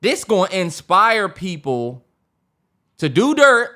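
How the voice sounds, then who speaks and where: Animated man co-hosting a casual podcast. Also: slow. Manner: animated storyteller, voice jumps high when acting out stories. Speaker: podcast co-host. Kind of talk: casual chat.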